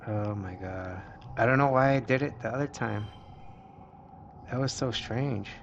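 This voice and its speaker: A man's voice: on the low side, measured pace, gravelly, dull audio, a little hiss or hum. A man streaming a story game, reading its text aloud with lightly voiced quotes between muttered reactions. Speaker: gameplay streamer.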